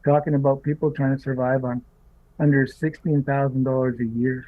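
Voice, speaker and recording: A man's voice: mid-range voice, steady tone, brisk. A man, a podcast guest, talking emphatically and indignantly with rhetorical questions in a casual discussion. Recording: tinny phone-like remote call line.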